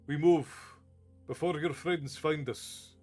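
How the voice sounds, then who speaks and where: A man's voice: fairly high pitch, slow, a little mellow, husky, faint music behind. A man voicing a cold, threatening male slaver who speaks in a harsh whisper. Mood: menacing.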